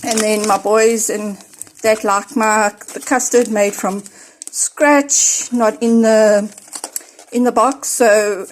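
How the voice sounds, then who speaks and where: A South African woman in her forties with a fairly high voice talks through her grocery haul. She rambles in a chatty way, full of fillers and restarts, and is a little out of breath from unpacking. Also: steady tone, slow. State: slightly out of breath. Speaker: vlogger. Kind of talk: casual grocery haul vlog. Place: at home, in her office.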